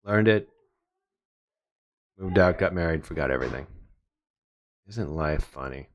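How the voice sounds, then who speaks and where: A man in his thirties with a very deep voice talks in an animated, slightly slow way. He's a photographer on a livestream, rambling casually and tossing in joking asides while working at his computer.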